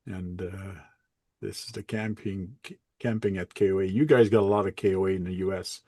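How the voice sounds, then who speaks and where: A man hosting a casual livestream chat, relaxed and rambling, often correcting himself as he goes. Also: low voice, brisk, dry recording. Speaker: host.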